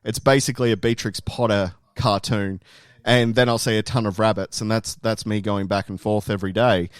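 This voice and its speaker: A man's voice: on the low side, steady tone, fairly quick, smooth, no room sound. An Australian man co-hosting a podcast, telling stories in a rambling way with many restarts. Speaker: podcast co-host, guest. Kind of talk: casual chat.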